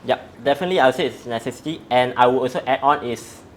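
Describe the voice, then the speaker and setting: A man's voice: mid-range voice, racing, a little hiss or hum. Methodical male strength coach explaining. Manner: methodical, breaks facts down step by step. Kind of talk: explaining in an interview.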